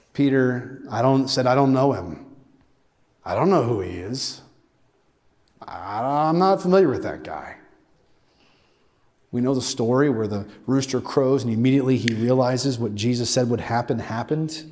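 A man preaching a sermon as a pastor, building intensity with emphatic, drawn-out phrases. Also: mid-range voice, darkish tone. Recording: long hall reverb.

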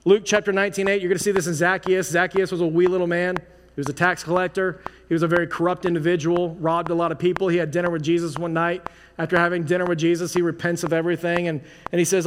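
A man's voice: sits high, level tone, fast. A man preaching a sermon as pastor, in a casual, conversational way full of "like" and restarts. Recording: long hall reverb, faint noise.

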